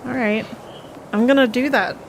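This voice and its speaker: A woman's voice: fairly high pitch, fairly even intonation, normal speed, noisy background. A woman playing a tabletop game, giggling often and slipping into dramatic in-character complaints. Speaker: player.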